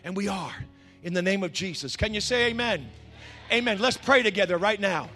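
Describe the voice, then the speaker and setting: A man preaching a sermon as pastor, swinging between shouted passion and hushed intensity. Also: high-pitched, lively intonation, moderate pace, long reverb tail, faint music behind.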